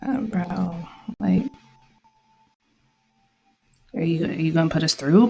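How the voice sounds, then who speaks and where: A woman's voice: on the low side, normal speed, vocal fry, mellow, slightly rough, rough recording. A woman vlogging her trades in casual live commentary, slangy and irritated, swearing often. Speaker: trading vlogger.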